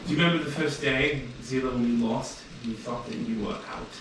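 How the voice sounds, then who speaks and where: A man doing a tough-loving guild captain who teases and coaxes her recruits in a tabletop game. She sounds far from the mic in a very echoey room, with clear noise behind. Her pitch sits in a middle range. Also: brisk, close to an everyday voice. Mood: encouraging. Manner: gently teasing, coaxing. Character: tough-loving female guild captain, teasing older sister.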